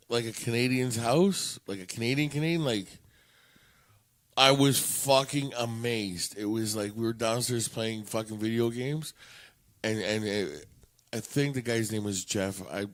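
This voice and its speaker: A man co-hosting a podcast, talking in casual chat and telling animated stories full of swearing. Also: mid-range voice. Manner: profane, animated storytelling. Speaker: podcast co-host.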